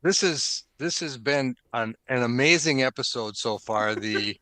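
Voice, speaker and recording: A man's voice: medium pitch, animated, measured pace, pushed and bright, no room sound. A man hosting a podcast, chatting casually and reading the show intro in an upbeat way, laughing often. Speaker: podcast host.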